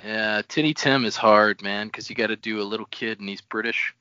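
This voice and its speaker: A man's voice: on the low side, fairly even intonation, brisk, sharp tone, clean tone, no room sound, lo-fi sound. A man co-hosting a casual book podcast, teasing his co-hosts and laughing easily. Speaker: podcast co-host. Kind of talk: casual book-club chat.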